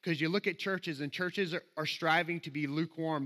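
Southern preacher, high bright voice, chatty and self-deprecating, builds to emphatic scripture reading. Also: male voice, fairly quick, hardly any pauses. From Alabama, US. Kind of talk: sermon. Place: church sanctuary.

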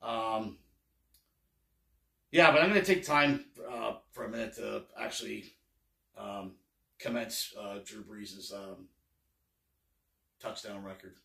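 Gravelly guy rambling thru a football recap, kinda sarcastic, echoey room. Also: lowish voice, slow pace, long pauses, bright, forceful tone, far from the mic. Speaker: sports fan vlogger. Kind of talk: casual game recap.

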